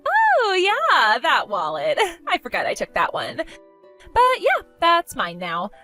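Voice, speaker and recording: A woman's voice: high voice, huge pitch swings, slow pace, sharp tone, faint music behind, exaggerated voice. A woman voicing a spoiled, vain young woman who gloats, insults and giggles in a text-story skit. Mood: taunting.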